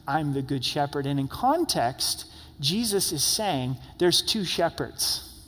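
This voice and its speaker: Repeating words often, a young pastor gives an earnest, conversational church sermon. His voice sits fairly high and carries through a large hall.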